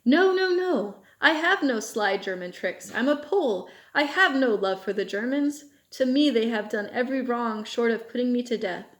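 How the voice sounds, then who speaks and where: A woman's voice: a little high, animated, moderate pace, few pauses, natural voice. A woman reading the lines of a desperate young male captive soldier in a storybook, pleading and insistent.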